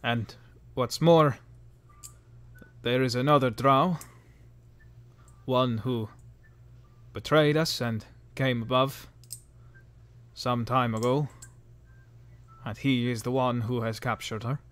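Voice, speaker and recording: A man's voice: medium pitch, steady tone, slow pace, long pauses, fairly bright tone, smooth. A man voicing a male drow warrior in his own plain voice, speaking in a solemn, formal and courteous way. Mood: earnest.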